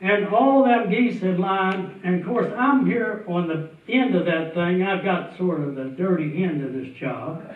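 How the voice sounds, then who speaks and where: A man with a high, voice spins a tall tale in a folksy, chuckling manner. He sounds thin and tinny, as if heard over a phone. He is picked up from well back in an echoey hall. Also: unhurried, hardly any pauses, recorded from a distance, a little hiss or hum. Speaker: storyteller. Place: festival stage before an audience.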